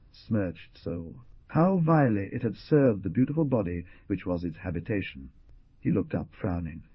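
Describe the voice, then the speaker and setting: An expressive male narrator reads dramatically, his low, husky voice rising and falling a lot. The recording is dry and dull, with a lo-fi band. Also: dry recording. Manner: expressive, theatrical. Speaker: audiobook narrator.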